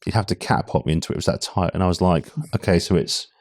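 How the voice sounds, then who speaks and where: A man from the UK talks frankly as a podcast guest, his voice very low with a gravelly, fry-laden edge. The recording is dry and close. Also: racing, a little mellow, dry recording. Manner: candid, conversational, frequent restarts. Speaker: podcast guest, talent acquisition head. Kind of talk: casual interview chat.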